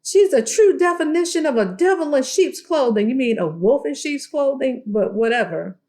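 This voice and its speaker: Young woman, sassy and animated recap vlogger, slightly high voice, calls viewers child and y'all. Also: normal speed. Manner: sassy, animated storytelling with playful quoted voices; addresses listeners as child and y'all. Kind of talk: casual TV recap commentary.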